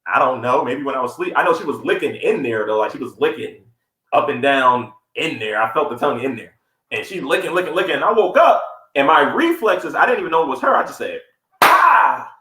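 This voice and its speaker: Animated man telling a story, echoey room. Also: medium pitch, fast, heavy background noise. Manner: animated, acts out quotes in a raised voice. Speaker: podcast co-host. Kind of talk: casual storytelling chat.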